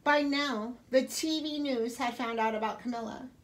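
A woman librarian reading a children's picture book aloud with expressive storytelling. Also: a little high, normal speed, slight background noise.

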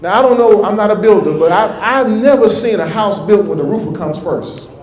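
A male minister preaches a sermon in a folksy, rhythmic way, repeating his points for weight. His voice sits high, and the church room echoes around him. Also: lively intonation, fairly quick, a little mellow.

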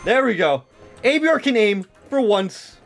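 A young man streaming a shooter game live, rambling and swearing excitably with lots of filler words. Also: high voice, moderate pace, vocal fry, faint music behind. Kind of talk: live gameplay commentary.

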